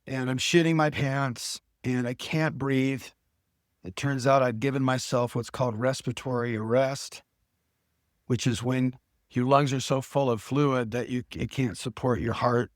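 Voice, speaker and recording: A man's voice: mid-range voice, fairly even intonation, unhurried, dry recording. Earnest man telling his story, dry sound. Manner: earnest storytelling with quoted dialogue. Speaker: podcast guest. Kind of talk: personal testimony in casual talk.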